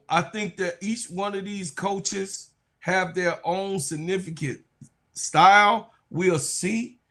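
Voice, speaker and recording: A man hosting a casual sports talk stream, reading viewer comments aloud. He is under the weather and breaks into loud, animated outbursts. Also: high voice. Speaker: sports talk show host.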